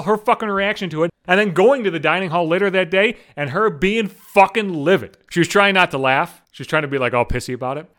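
Solo podcast host, man in his thirties, profane rambling storyteller, rapid delivery, slightly high voice. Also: fairly bright tone.

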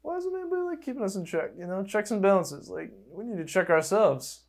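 Young male podcast host, a touch high-pitched, loose and rambling, quick to get worked up. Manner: rambling and excitable, swears, many fillers. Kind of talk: casual chat.

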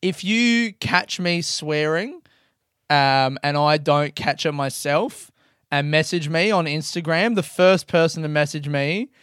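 A young man hosting his podcast in a casual, rambling monologue, excitable and swearing freely. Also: a little high, unhurried, clear, resonant tone, no room sound, clean studio sound. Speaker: podcast host and comedian.

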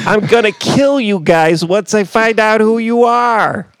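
A man puts on a gruff caller from New who rings a podcast to threaten the hosts. The voice sits high and pushed, a hammed-up tough guy. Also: slow pace, no room sound. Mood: menacing.

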